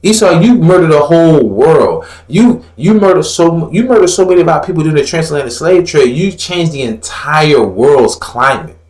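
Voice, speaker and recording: A man delivering fiery religious commentary with plenty of cursing. His pitch rises and falls sharply as he gets worked up, and he slips into mocking voices. The sound carries a noticeable room echo. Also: normal speed, hardly any pauses. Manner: blunt, profane, preachy; animated, mocks others in put-on voices.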